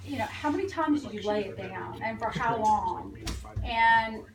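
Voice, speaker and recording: A woman's voice: fairly high pitch, expressive, a little slow, creaky. A woman in the audience at a bookstore reading, asking a question in a searching, hesitant way. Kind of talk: casual question. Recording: distant roomy recording with crowd.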